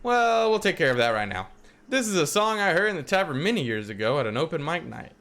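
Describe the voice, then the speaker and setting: A man's voice: on the high side, big pitch swings, quick pace, a bit bright, voice pushed up. A man voicing a chatty android woman singer with showy stage banter, reading a game aloud. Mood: playful.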